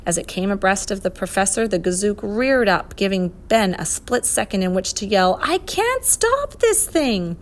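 Lady reading a kids' story out loud, lively and expressive. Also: medium pitch, normal speed, hardly any pauses. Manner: expressive, voices the characters. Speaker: narrator.

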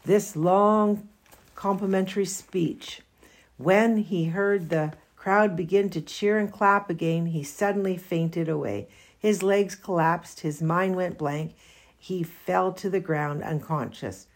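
Woman narrator for a children's book reading, slow and careful, lowish voice. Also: steady tone. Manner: slow, careful read-aloud. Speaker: reader. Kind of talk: reading a children's novel aloud.

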